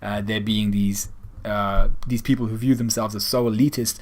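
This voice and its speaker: A man's voice: on the low side, steady tone, moderate pace. A young man giving a casual, rambling chapter review of a manga, retelling scenes and slipping into quoted lines.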